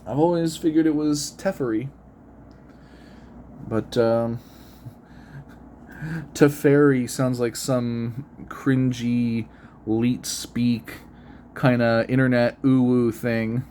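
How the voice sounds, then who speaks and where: A man's voice: medium pitch, fairly even intonation, slow pace, dark tone, a little hiss or hum. Chatty man reading cards aloud. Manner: chatty, reads card text aloud and muses, laughs often. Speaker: card-opening video host. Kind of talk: unedited casual commentary.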